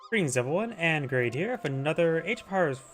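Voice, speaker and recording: A man's voice: on the high side, very animated, fast talker, a bit bright, faint music behind. A man casually commentating a strategy game replay, rambling and stumbling over unit names. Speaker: game caster.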